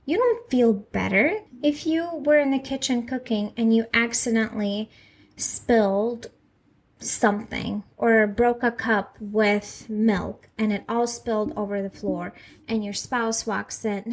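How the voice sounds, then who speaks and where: A woman in her thirties talks through a solo parenting podcast in a slightly high voice. She speaks earnestly and reassuringly, often turning to the listener with questions. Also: a little slow. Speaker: podcast host, mother.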